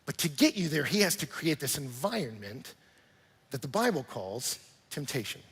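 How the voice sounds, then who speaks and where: A man preaching a sermon to a church congregation, animated and full of rhetorical questions, sometimes acting out little scenes. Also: a little high, moderate pace, breathy edge, in a large hall. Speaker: pastor.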